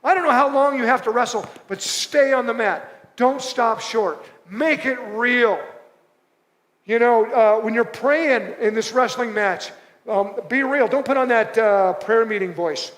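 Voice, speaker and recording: A man's voice: very high voice, unhurried, fairly bright tone. A man preaching a sermon as pastor, conversational and driving points home by repeating short phrases. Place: church auditorium. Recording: long reverb of a church hall.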